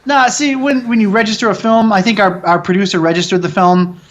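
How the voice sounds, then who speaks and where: A man, a film director, telling stories in a casual interview, excitable and cursing freely as he jokes. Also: sits high, fairly quick, dull audio. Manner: excitable, swears freely, jokey storytelling.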